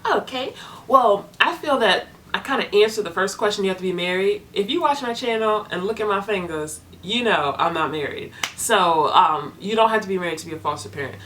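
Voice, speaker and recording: A young woman talking casually to her viewers as a foster parent vlogger, chatty and animated, acting out the people in her stories. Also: mid-range voice, brisk, slight background noise. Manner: chatty, animated storytelling with voiced quotes. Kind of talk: casual vlog chat to viewers.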